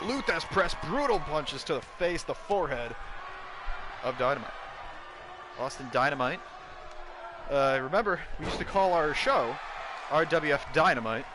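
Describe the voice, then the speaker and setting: Brief: male play-by-play caller for a wrestling video game, mid pitch, gets loud and excited, clear background noise. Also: normal speed, pauses often. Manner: excitable, bursts into shouts at big moves.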